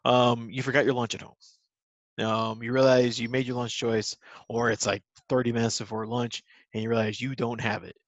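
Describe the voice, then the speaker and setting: A man's voice: medium pitch, flat delivery, moderate pace, dry recording, rough recording. A man teaching a recorded lesson to young children, patient and simple in his wording, with many ums.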